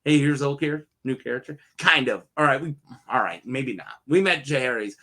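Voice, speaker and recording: A man's voice: mid-range voice, animated, a little fast, bright, forceful tone. A young man casually reviewing a TV episode on his own, rambling and jokey, laughing often at his own asides. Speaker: show reviewer. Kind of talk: casual solo review chat.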